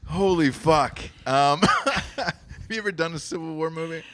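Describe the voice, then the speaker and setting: A man's voice: on the high side, normal speed, crowd noise. A man hosting a casual chat, joking crudely and laughing often. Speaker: podcast host.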